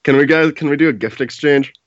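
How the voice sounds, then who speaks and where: A man's voice: on the high side, fast talker, dry recording. A young man casually chatting on a podcast with short, dry interjections and crude jokes. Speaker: podcast co-host. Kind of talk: casual chat. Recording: dry, slightly dull sound.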